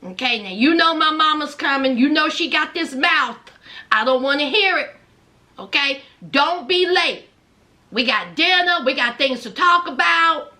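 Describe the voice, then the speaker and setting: A woman's voice: high voice, animated, unhurried, pushed and bright, full character voice. A woman voicing a flippant, defiant young mother who is bossy with her partner.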